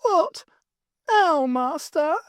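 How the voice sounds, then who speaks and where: Woman narrator as a tiny mischievous male imp: high, sing-song, wheedling, close and dry. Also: expressive, extremely slow, dry recording, heavily acted. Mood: disappointed.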